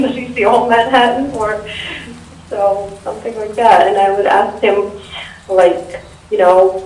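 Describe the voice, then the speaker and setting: Giggly woman with a Russian accent. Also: mid-range voice. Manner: giggly, thinks aloud with restarts. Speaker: interview guest, new VJ. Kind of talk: casual interview. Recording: echoey room, far from the mic.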